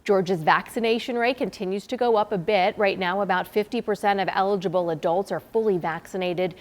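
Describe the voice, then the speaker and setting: A woman's voice: medium pitch, brisk. A woman anchoring morning news in a studio, with conversational handoffs.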